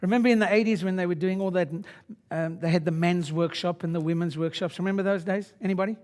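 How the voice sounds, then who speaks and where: A man in his sixties, a chiropractor giving a live seminar talk, blunt and swaggering with salty language and sudden loud shouted bursts. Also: high voice, steady tone, fast talker.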